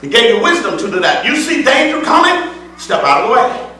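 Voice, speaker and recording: High-voiced man preaching in an echoey church. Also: huge pitch swings, fairly quick, recorded from a distance. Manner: emphatic preaching with repeated phrases; swings between loud declaiming and soft asides. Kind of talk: sermon. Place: church sanctuary.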